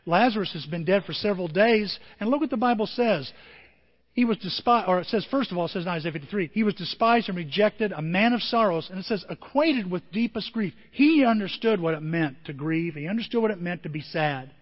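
A man pastor preaching a sermon with emotion, his voice moving from quiet and tender to loud and emphatic. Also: high voice, expressive, a little fast, big-room sound, highs cut off. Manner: emotional, swings from soft to emphatic.

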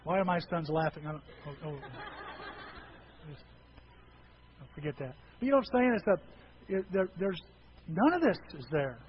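A man delivers a humorous sermon in a folksy storytelling way, his voice pitched high for a man. The recording is a little dull, with a faint hiss behind him. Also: sing-song, moderate pace, pauses often. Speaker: preacher.

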